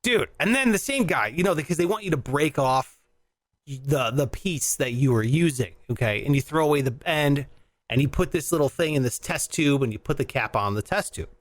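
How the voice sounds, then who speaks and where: A man hosting a casual chat show, telling an animated story with lots of laughter and acted-out voices. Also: fairly high pitch, normal speed, dry recording. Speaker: podcast host.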